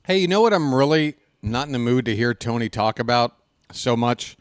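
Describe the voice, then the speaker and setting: A man's voice: mid-range voice, animated, moderate pace, smooth, dry recording. A man ranting sarcastically and with exasperation as a fan commentator, in casual live baseball talk on a close desk mic.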